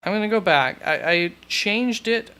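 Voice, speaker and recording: A man with a fairly high, bright and forceful voice hosts a live stream from what sounds like a home studio. His tone is smooth and crisp as he chats casually and thinks aloud, often stopping to correct himself. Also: lively intonation, a little slow. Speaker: fantasy football host. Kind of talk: live-stream chat answering questions.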